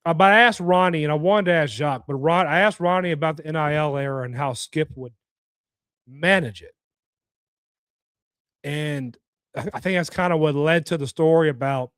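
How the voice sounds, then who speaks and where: A man's voice: fairly high pitch, normal speed, long pauses, a bit bright, smooth, no echo, clean studio sound. A young man from hosting a sports talk show, talking casually in a blunt, opinionated, scolding way. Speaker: podcast host.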